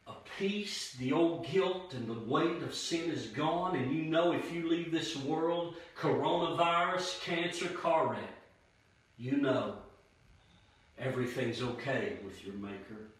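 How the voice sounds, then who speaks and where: A man preaching an evangelistic sermon, with emphatic, dramatic pauses. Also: fairly high pitch. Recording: very echoey room, voice far from mic.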